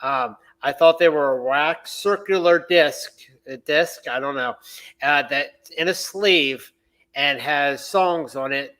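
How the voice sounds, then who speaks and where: A man's voice: a little high, slow, sharp tone. A man co-hosting a podcast in casual chat, hesitant and full of "um"s. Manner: hesitant, with many "um"s and restarts. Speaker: podcast co-host.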